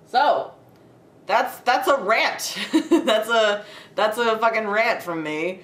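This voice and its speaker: A woman's voice: medium pitch, lively intonation, slow pace. A young woman ranting about a film she watched, sarcastic and foul-mouthed, with frequent laughter. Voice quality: sarcastic, profane, laughs often. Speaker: video creator reviewing a film. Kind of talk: casual ranting film review. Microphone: home setup with a desk light. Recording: echoey room.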